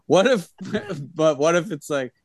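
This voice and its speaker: A middle-aged man co-hosting a casual podcast, tossing in quick jokes and reactions. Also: on the high side, lively intonation, a little hiss or hum. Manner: jokey, quick interjections. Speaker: podcast co-host. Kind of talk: casual chat.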